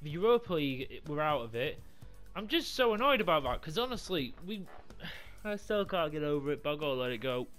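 A young man commentating his football video game career mode, swearing a lot, yelling when things go wrong and talking things through quietly in between. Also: on the high side, fairly quick, few pauses, faint music behind. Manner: swears a lot, yells in frustration, mutters calmly between games. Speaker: gaming YouTuber. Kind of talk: live gameplay commentary.

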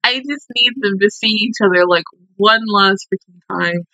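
A woman's voice: mid-range voice, moderate pace, pushed and bright, highs cut off, a little hiss or hum. A young woman hosting an anime reaction review, talking casually and emotionally with many fillers.

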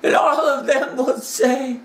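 A man preaching a dramatic sermon, retelling the story with passion and swinging from hushed tones to shouting. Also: extremely high pitch, fairly even intonation, slow. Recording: echoey room.

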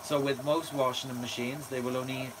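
A man's voice: medium pitch, little pitch movement, normal speed, background noise. A man hosting a live stream, chatting enthusiastically and reading out viewer comments with frequent fillers. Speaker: channel host. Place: indoors at home near a running washer.

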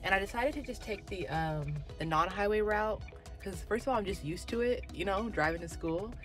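A woman's voice: mid-range voice, fairly quick, soft background music. A young woman and dental hygiene student vlogging casually from her car into a phone mic, rambling and swearing freely. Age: young adult. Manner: chatty and rambling, ranting and swearing when angry. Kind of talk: casual vlog, talking while driving. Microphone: phone with plug-in mic.

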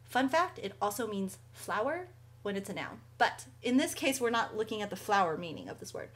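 A woman's voice: mid-range voice, sing-song, fairly quick, a bit bright. Chatty woman teaching vocabulary. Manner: chatty, friendly asides, occasional light laughs. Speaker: language teacher and show host. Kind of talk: casual explanatory lesson. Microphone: studio microphone.

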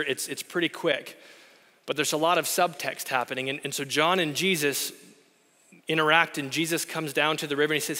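A man's voice: a little high, sharp tone, big-room sound. A man in his thirties preaching a sermon, telling stories conversationally and acting out the dialogue. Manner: conversational storytelling, acts out dialogue. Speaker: pastor.

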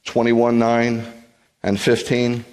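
A man serving as a rabbi, giving an animated sermon with joking asides and acted-out quotes. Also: medium pitch, slow, smooth. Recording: long hall reverb.

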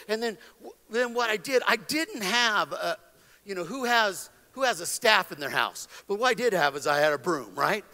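A man preaches from the pulpit of a church sanctuary in a very high, bright voice, stumbling over restarts and then climbing into shouted calls. Long reverb from the big hall trails behind his words. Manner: impassioned preaching, building to shouted exhortations; stammering restarts and repetition. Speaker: pastor. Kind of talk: sermon.

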